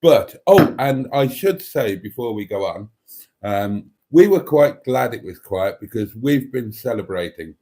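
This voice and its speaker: A man's voice: mid-range voice, lively intonation, measured pace, warm tone. An older Welsh man hosting a casual live stream, theatrical and chatty, calling his viewers darlings. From Wales. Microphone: microphone and tablet.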